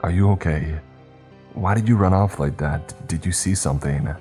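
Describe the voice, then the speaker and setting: A man's voice: sits low, normal speed, warm tone, soft background music, lightly acted. A man voicing a shaken young coworker who pleads and presses for answers. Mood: pleading. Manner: panting, pleading, insistent.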